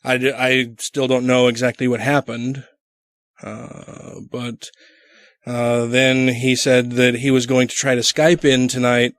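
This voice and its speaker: A man's voice: medium pitch, level tone, unhurried, a bit bright, dry recording, clean studio sound. A man co-hosting a casual podcast, bantering and swearing freely. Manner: profane, laughing banter. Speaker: podcast co-host.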